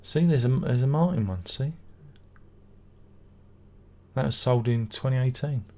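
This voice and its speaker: A man's voice: mid-range voice, a little slow, darkish tone. A middle-aged man hosting a live stream, reading out viewer comments and answering them with rambling, exclamatory chatter and swearing. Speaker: channel host.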